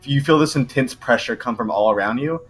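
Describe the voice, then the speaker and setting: A man's voice: medium pitch, fairly quick. A man narrating as game master in casual talk, hesitant with frequent ums.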